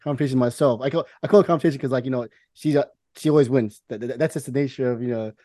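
A man's voice: medium pitch, rapid-fire, warm tone, no echo. A man co-hosting a podcast, talking casually in a rambling, profane way with many restarts. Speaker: podcast co-host.

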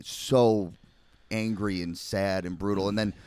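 A man's voice: fairly low pitch, steady tone, unhurried, darkish tone, clean tone, no echo. A young man on a podcast, rambling in casual chat with heavy swearing and lots of filler words. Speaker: podcast co-host.

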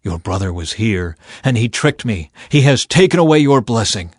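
A man voicing an old blind father who speaks blessings slowly and gravely in a Bible reading. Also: mid-range voice, animated, dry recording, clean studio sound. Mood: solemn. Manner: slow, solemn, pronouncing blessings.

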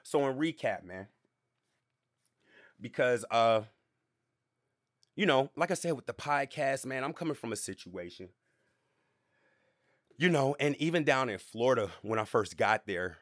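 A man hosting a podcast, telling a story in a relaxed, slangy way with plenty of asides to the listener. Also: medium pitch, unhurried, long pauses, no room sound, studio quality. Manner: laid-back, slangy, repeats fillers and asides to the listener. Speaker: podcast host. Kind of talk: casual storytelling monologue.

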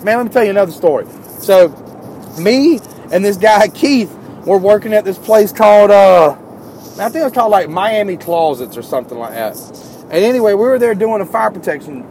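High-voiced man spinning animated work stories. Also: a little hiss or hum. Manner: animated, climbs higher and louder when worked up. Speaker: tradesman telling work stories. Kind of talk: casual storytelling.

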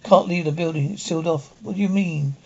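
A hunted man in a 1960s TV drama, urgent and insistent. His voice is fairly high but dark and gravelly, and the old soundtrack sounds dull and lo-fi. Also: brisk. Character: tense driven man hunted through time.

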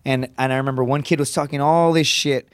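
A man, a comedian and former Marine, telling a rough story on a podcast in blunt, profane language. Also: mid-range voice, dry recording, clean studio sound. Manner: profane, rapid, animated storytelling.

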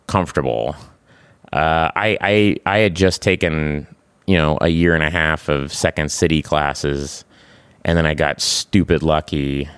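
A man in his forties, a guest in a casual interview, talking in a halting way with many restarts and laughs. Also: a bass voice, a bit bright, smooth, no room sound. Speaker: guest, actor and creator.

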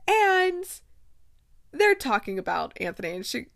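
A woman's voice: sits high, slow pace, gravelly. Chatty woman recapping a romance novel. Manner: chatty and animated, laughs often. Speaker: podcast host. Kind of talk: casual book recap.

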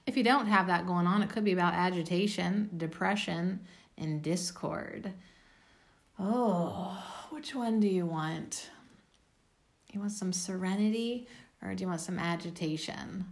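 Woman card reader, late-night casual reading, gravelly, unhurried, blunt and a bit cheeky. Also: lowish voice. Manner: blunt, swearing, self-mocking. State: tired.

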